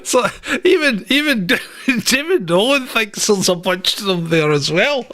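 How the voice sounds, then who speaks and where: A man's voice: high voice, sing-song, normal speed, fairly bright tone. A man co-hosting an irreverent news chat, sardonic and mocking, often laughing. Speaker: podcast co-host.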